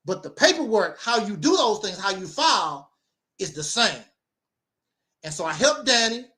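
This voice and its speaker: A man's voice: sits high, big pitch swings, moderate pace, bright, forceful tone. A man telling a personal story in casual conversation, rambling and repeating his phrases. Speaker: guest sharing his story.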